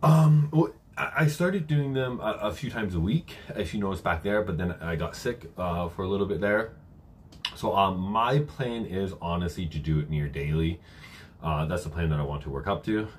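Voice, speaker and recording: Briefly out of breath, a young man with a deep voice answers questions on a live-stream Q&A at home, coaching viewers as he reads chat aloud. He speaks at a moderate pace, casually and with many fillers. A little hiss or hum is present.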